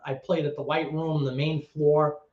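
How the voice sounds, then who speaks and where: A middle-aged man from the Bronx, telling stories in a casual interview, animated and swearing freely as he acts out other people's voices. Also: on the high side, normal speed. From the Bronx, New York. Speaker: guest, former actor and DJ. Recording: echoey room, dull lo-fi sound.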